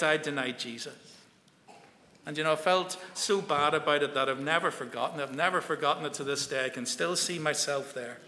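A man's voice: a little high, bright, forceful tone, a little hiss or hum. A man giving a Bible talk to schoolboys, telling the story and asking them questions. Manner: storytelling, asks the listeners questions. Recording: echoey hall with long reverb.

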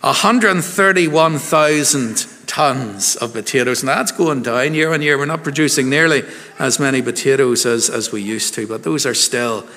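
A man's voice: mid-range voice, moderate pace, pushed and bright, big-room sound. A man, a minister giving a harvest service sermon in a chatty, jokey way and quizzing the congregation. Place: church.

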